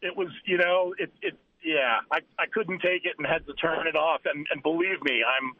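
A man calling into a talk show, speaking haltingly and repeating his words. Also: on the high side, fairly even intonation. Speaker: caller. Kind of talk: phone-in call. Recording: dull, lo-fi phone line.

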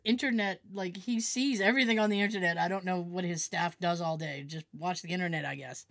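A woman co-hosting a podcast in casual chat, acting out quotes in an animated way. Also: on the low side, a little fast, dry recording, studio quality. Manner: animated, acts out quotes in voices. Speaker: podcast co-host.

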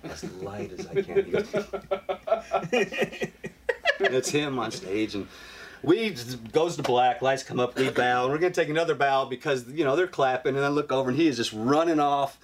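Gravelly man telling a wild story. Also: mid-range voice, normal speed, background noise. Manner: animated, profane, acts out his own lines. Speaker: podcast guest telling a story. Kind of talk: casual storytelling.

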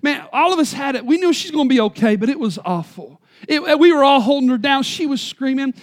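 A man's voice: extremely high pitch, animated, brisk. A man, preaching a sermon in church with emphatic storytelling. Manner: storytelling, emphatic, varies loudness for effect. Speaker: pastor.

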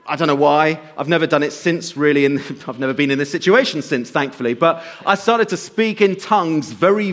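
Guy giving a sermon, tells a story, kinda high voice, goes quiet n slow then louder. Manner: storytelling, shifts between soft slow emphasis and raised bursts. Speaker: pastor.

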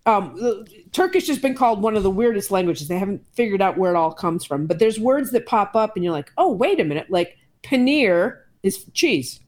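A woman's voice: medium pitch, moderate pace, hardly any pauses. Woman telling travel anecdotes. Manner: storytelling, animated anecdotes. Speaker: podcast co-host. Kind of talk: casual chat.

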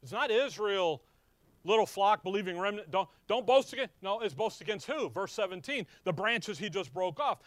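With lively intonation and no room sound, a preacher poses questions to his congregation and then answers them. He lingers on important words, alternating between forceful outbursts and soft, low remarks.

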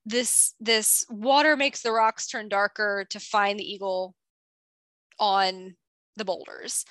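A woman's voice: medium pitch, fairly even intonation, takes it slowly, a bit bright, no room sound. A woman co-hosting a podcast, chatting casually and animatedly about science, with lots of filler words. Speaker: podcast co-host.

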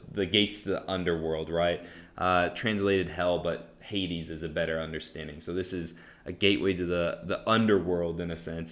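Low-voiced man teaching casually. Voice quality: relaxed, conversational, lots of "right?" and "um". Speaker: podcast host teaching the Bible.

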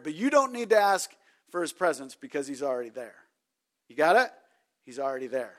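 A man's voice: sits high, fairly bright tone. A man preaching a sermon in a conversational way, often turning to quiz his listeners.

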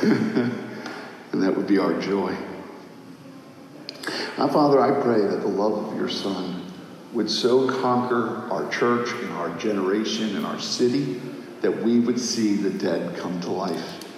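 Impassioned preacher in an echoey hall. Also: male voice, fairly low pitch, slow pace, long pauses, distant mic, a little hiss or hum. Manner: impassioned, swinging between shouting and hushed prayer. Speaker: pastor. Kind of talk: sermon. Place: church sanctuary. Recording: echoey hall, faint ambience.

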